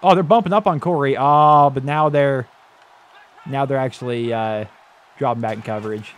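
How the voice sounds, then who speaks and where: A man giving excited, chatty commentary over his own football video game, laughing and talking straight to his viewers. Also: medium pitch, normal speed. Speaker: gaming YouTuber.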